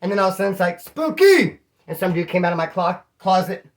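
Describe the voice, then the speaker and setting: A man from California with a slightly hoarse voice, casually telling rambling stories to his channel's viewers. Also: sits high, level tone, rapid-fire. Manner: slangy, rambling, calls listeners homeboy. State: throat issue, slightly hoarse. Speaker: vlogger. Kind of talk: casual storytelling to camera.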